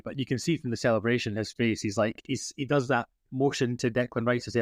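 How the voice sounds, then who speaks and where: A man hosting a casual fan podcast, talking excitedly and rambling with frequent restarts. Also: medium pitch, fast talker, hardly any pauses, dry recording, clean studio sound. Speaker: podcast host.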